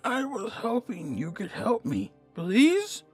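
A man voicing a frail, lost old ghostly man with a high, shaky, quavering voice and a slow, faint, pleading way of speaking. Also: big pitch swings, husky, faint music behind, full character voice.

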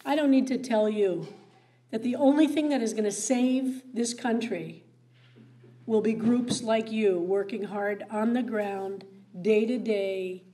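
A woman's voice: mid-range voice, measured pace, dark tone. A woman rabbi speaking as a guest at a meeting, earnest with wry asides. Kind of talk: public talk. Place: meeting room.

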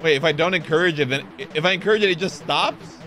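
A man streaming a video game, reading the on-screen text aloud and reacting with excitable, profane commentary. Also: fairly high pitch, quick pace, faint music behind. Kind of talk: casual gameplay commentary.

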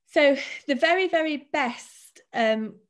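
Woman, financial adviser, fairly high voice, steady explainer. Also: slow. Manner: explanatory, steady, thinks aloud with fillers. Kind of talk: presenting a finance talk.

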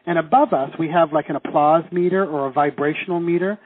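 A middle-aged Canadian man with a fairly high voice talks at a quick pace while teaching a live seminar. Lively throughout, he asks the class questions and acts out the reactions he describes. The recording sounds tinny, like a phone, with a little hiss or hum.

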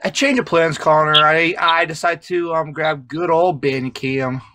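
A man's voice: on the high side, measured pace, bright, forceful tone. A teenage boy chatting casually and joking with friends on a gaming call, laughing often. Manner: giggly, joking, playful. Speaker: vlogger on a call.

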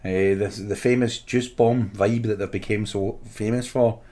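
Scottish man, lowish voice, casual podcast co-host, chatty and rambling. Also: fairly even intonation, measured pace, warm tone. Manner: chatty, laughs readily, trails off mid-sentence. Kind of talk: casual chat.

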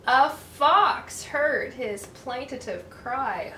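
A woman reading a children's storybook aloud, high and bright, with a lively lilt and an unhurried pace, pausing to ask her young listeners questions. Her voice rings in an echoey room, picked up from a mic set back from her, with a faint hiss behind. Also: recorded from a distance. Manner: animated, asks listeners questions.

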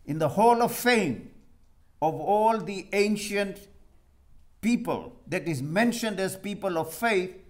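A man preaching a sermon, reading scripture aloud and putting questions to his listeners. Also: high-pitched. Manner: reads scripture aloud and asks the congregation questions.

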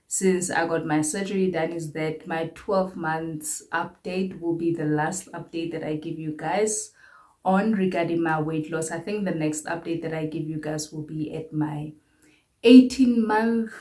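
A woman's voice: lowish voice, darkish tone. A young South African woman giving a candid, rambling update to her viewers and often repeating her phrases. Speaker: vlogger.

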